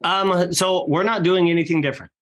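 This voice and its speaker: Energetic man talking shop on a podcast. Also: sits high. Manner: fast, energetic, acts out client dialogue. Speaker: real estate team leader guest. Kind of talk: podcast interview talk.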